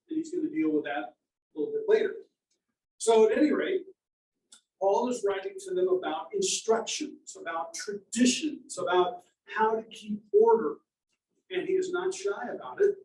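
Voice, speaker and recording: Man, Bible teacher, high voice, lively delivery, mellow tone, heard from a distance in an echoey room. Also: moderate pace. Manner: conversational, animated, acts out quoted voices. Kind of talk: teaching sermon.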